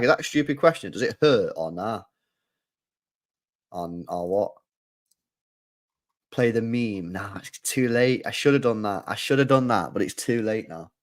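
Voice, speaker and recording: Young man, football watchalong streamer, excitable, loud reactive outbursts. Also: medium pitch. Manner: excitable, shouting groans of disgust. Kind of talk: live football watchalong commentary.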